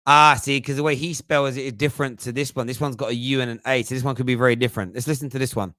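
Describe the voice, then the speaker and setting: A man's voice: mid-range voice, steady tone, quick pace, sharp tone, dry recording, clean studio sound. A man hosting a fan phone-in show, chatting casually, thinking aloud and poking fun at himself. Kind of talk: casual live-stream chat.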